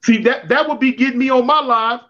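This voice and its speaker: A man's voice: very high-pitched, brisk. A man telling prison stories in slangy, repetitive street talk on a livestream call. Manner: slangy, repetitive, animated storytelling. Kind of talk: casual livestream storytelling. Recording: dull lo-fi livestream audio.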